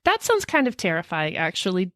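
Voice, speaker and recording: A woman's voice: on the low side, fairly quick, no echo, clean studio sound. A woman co-hosting a podcast, telling spooky history in a casual, jokey way with frequent laughter. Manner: animated, laughs often, jokey asides. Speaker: podcast co-host. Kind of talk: casual storytelling chat.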